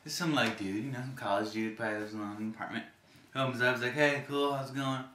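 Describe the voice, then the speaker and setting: A man casually telling stories to the camera in an animated way, acting out the people he met. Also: lowish voice, very fast, reverberant, slight background noise.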